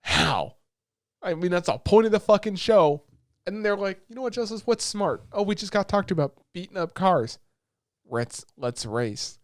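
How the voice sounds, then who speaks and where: Brief: male podcast co-host, slightly high voice, rapid animated retelling, dry close mic. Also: dry recording. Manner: excited retelling of scenes, lots of swearing. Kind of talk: casual chat.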